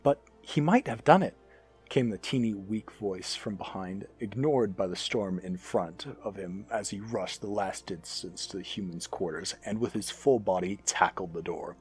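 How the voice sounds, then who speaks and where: A man narrating a science fiction story with an expressive, animated reading. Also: sits low, normal speed, hardly any pauses, faint music behind.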